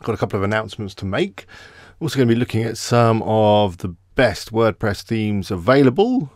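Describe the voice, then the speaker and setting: A man's voice: on the low side, expressive, normal speed, no echo, studio quality. An Englishman hosting a casual live stream, chatting with viewers and greeting them by name. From England.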